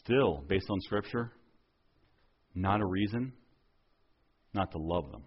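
A male pastor preaching a sermon earnestly, acting out quoted dialogue and dropping softer on key points. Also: deep voice, expressive, slow pace, husky, lo-fi sound.

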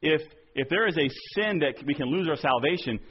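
A male pastor preaching a sermon earnestly, acting out quoted dialogue and dropping softer on key points. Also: a little high, expressive, fairly quick, slightly rough, muffled recording.

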